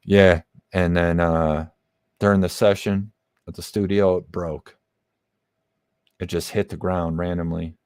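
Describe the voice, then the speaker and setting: Deep-voiced laid-back man swearing casually. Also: level tone, a little slow, pauses often, a little mellow, smooth, no room sound. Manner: laid-back, swears a lot, rambling with many fillers. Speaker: musician guest. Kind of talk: casual interview chat.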